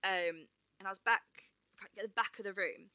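A woman's voice: mid-range voice, moderate pace, pushed and bright, no room sound. A woman co-hosting a casual chat, telling stories with swearing and acted quotes. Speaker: podcast co-host and performer.

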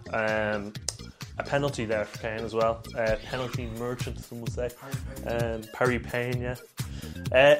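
A man co-hosting a football podcast, chatting casually and running through match results with dry asides. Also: medium pitch. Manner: banter, quick rundown of results. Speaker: podcast co-host.

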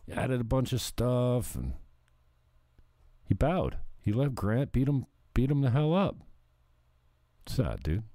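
A man's voice: mid-range voice, sing-song, slow pace, pauses often, mellow, dry recording, clean studio sound. Blunt, swearing man ranting. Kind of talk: profane ranting chat.

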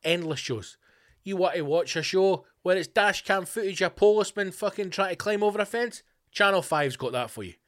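A Scottish man hosting his own podcast, ranting sarcastically with constant swearing, swinging between loud outbursts and low mutters. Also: animated, fairly quick. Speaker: podcast host. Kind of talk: profane comedic rant.

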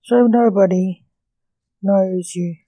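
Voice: medium pitch, fairly even intonation, slow, warm tone, no echo, low-quality recording. A reader voicing a menacing male kidnapper on the phone, giving orders in a cold, commanding way.

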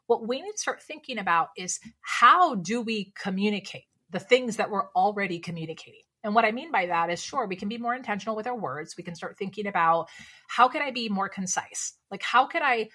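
Woman, speaking coach, podcast guest, bright tense voice, lively rhetorical questions. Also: mid-range voice, a little fast, few pauses, breathy edge. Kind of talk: casual podcast conversation.

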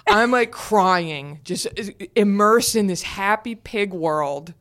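A woman in her thirties chatting on a podcast as a guest, telling lively stories and swearing freely. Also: medium pitch, slow. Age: 30s. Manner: animated storyteller, swears freely. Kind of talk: casual chat.

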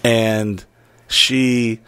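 A man's voice: on the low side, little pitch movement, extremely slow, a bit bright, clear, resonant tone, no room sound. A man telling a story in casual podcast chat, rambling, swearing freely and laughing as he goes.

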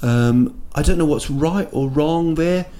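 At night, in an indoor room in a city, a man with a fairly high voice and a dark tone speaks at a measured pace. He hosts a casual solo podcast, rambling and joking with many fillers and restarts.

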